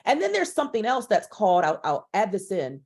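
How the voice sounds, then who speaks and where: A woman's voice: medium pitch, wildly swooping pitch, a little fast, a little mellow. Dynamic woman teaching public speaking. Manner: dynamic, shifts volume and pace to demonstrate. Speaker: speaker trainer. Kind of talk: public speaking workshop lecture.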